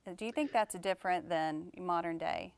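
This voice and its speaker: A woman's voice: lowish voice, moderate pace, gravelly, clean tone, no room sound, studio quality. A woman with a Texan accent hosting an interview in an upbeat, gushing manner. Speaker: host. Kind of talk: casual interview chat.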